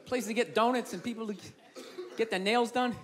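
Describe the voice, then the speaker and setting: A man doing stand-up comedy, loud and profane, ranting and mocking people in put-on voices. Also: very high voice, fairly even intonation, brisk. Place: comedy club stage. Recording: live club recording with crowd laughter. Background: audience laughing.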